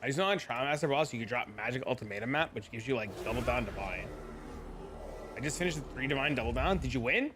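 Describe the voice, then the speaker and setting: A man streaming a video game, rambling and thinking out loud as he talks through builds. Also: mid-range voice, animated, quick pace, noisy background. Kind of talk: casual gameplay commentary.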